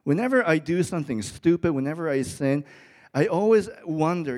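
A man's voice: fairly high pitch, lively intonation, moderate pace, a little mellow. A middle-aged man preaching a sermon in church, telling a story that rises to emphatic peaks. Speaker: pastor. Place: church with an audience.

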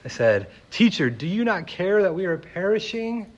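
Husky casual preacher. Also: male voice, high-pitched, very animated, moderate pace, lo-fi sound. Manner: casual storytelling, many fillers. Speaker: pastor. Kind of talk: sermon.

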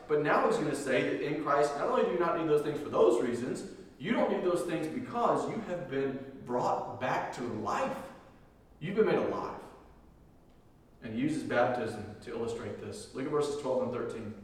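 A male pastor preaching a sermon with emphasis, repeating key lines and swinging between loud declarations and hushed moments. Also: fairly high pitch, lively intonation, moderate pace. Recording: echoey hall from far off.

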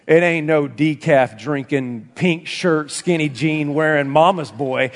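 A man preaching a sermon in a church, emphatic, swinging between loud and hushed delivery. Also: on the high side, very animated, normal speed, few pauses. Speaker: pastor. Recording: long reverb from a large room.

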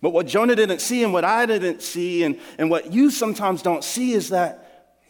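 A man's voice: sits high, moderate pace. A male pastor preaching a sermon in an earnest, conversational storytelling manner. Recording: long hall reverb.

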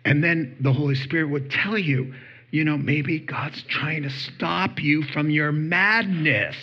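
Husky slow-talking male preacher. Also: a little high, lo-fi sound. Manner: animated storytelling, acts out voices and laughs. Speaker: pastor. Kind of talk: sermon.

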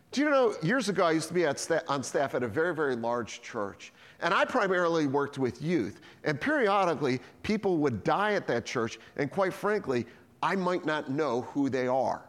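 A pastor preaches a sermon with a medium-pitched voice at normal speed, a long reverb tail trailing his words. He tells stories with lots of energy, acting out the dialogue himself.

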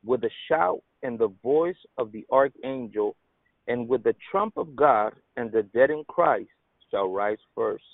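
A man on a podcast panel reading Bible verses aloud in a measured way. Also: mid-range voice, animated, gravelly, no room sound. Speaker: scripture reader on a podcast panel. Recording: dry, phone-like sound.

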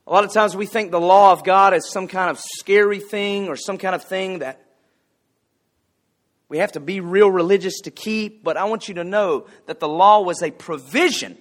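Folksy preacher, male, high-pitched, conversational sermon delivery with light humor. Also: normal speed. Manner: folksy, conversational, jokes with the congregation. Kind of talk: casual sermon with anecdotes.

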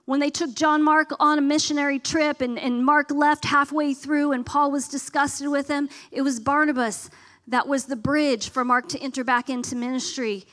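Female speaker, high pitch, earnest teaching sermon. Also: fairly even intonation, normal speed, fairly bright tone.

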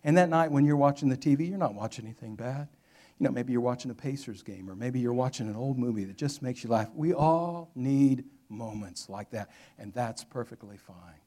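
Guy preaching, tells a story, goes quiet and hushed for the sad bits. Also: mid-range voice, a little fast. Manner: storytelling with dramatic drops to a hush. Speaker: pastor. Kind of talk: sermon storytelling.

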